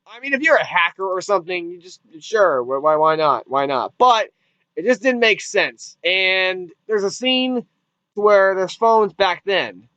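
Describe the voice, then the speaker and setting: High, bright-voiced rambling male reviewer. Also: animated, measured pace, clean tone, no echo, muffled recording. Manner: rambling, repeats himself, swears casually. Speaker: movie reviewer. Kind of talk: casual spoken review.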